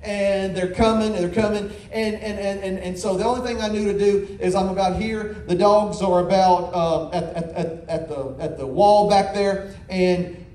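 High-voiced animated preacher in an echoey hall. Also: male voice, moderate pace. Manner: animated storytelling, folksy, repeats words. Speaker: pastor. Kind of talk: sermon. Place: large church hall. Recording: echoey hall, faint ambience.

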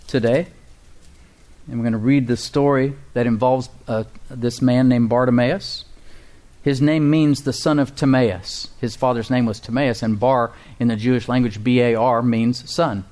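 A male pastor preaching an emphatic sermon to his congregation, with a mid-pitched voice. He keeps asking the room questions, his voice climbing for dramatic quotes and sinking quiet for reflective moments. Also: steady tone, normal speed. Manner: emphatic, rises high for quoted cries and drops low and soft for stillness.

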